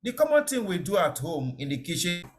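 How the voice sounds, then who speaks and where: Brief: male safety trainer on a web call, fairly high voice with an animated, up-and-down delivery, repeats key points. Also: fairly quick. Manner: explanatory, repeats key words, checks understanding. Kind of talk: online lecture.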